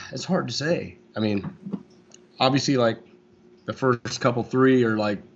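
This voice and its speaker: A man in his forties from Florida, a guest guitarist in a casual interview, talking in a relaxed, rambling way with lots of fillers. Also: medium pitch, takes it slowly, slight background noise. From Florida, USA. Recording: dull lo-fi sound.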